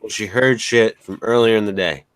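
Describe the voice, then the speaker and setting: A man's voice: on the low side, normal speed, fairly bright tone, clean tone. A man hosting a casual podcast, bantering and teasing his co-hosts with sarcastic asides. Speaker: podcast host.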